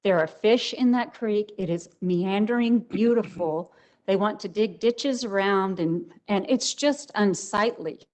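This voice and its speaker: A woman's voice: mid-range voice, measured pace, darkish tone, rough recording. An older woman speaking as a resident at a public hearing, emotional and emphatic. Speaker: resident giving public comment.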